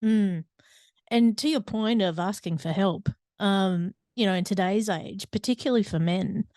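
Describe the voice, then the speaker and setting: A woman hosting an interview, a soft listener who affirms the guest. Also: medium pitch, measured pace, no echo, studio quality. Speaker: host.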